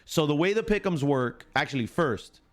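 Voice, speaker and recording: A man's voice: on the high side, lively intonation, normal speed, soft background music. A man hosting a live stream, casually chatting, joking and teasing viewers by name as he explains a picks game. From United States. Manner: joking, teases chatters, greets them by name.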